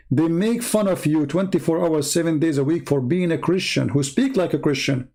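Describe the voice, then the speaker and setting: A man with a gravelly, slightly high voice delivers a blunt, scornful monologue. He speaks plainly and combatively as the host of his own channel. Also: moderate pace, few pauses, mellow.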